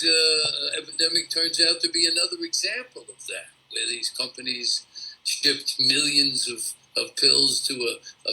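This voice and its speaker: Male guest, halting, restarts often, very bright voice. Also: medium pitch, rough recording. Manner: halting, searching for words. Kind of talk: live online interview.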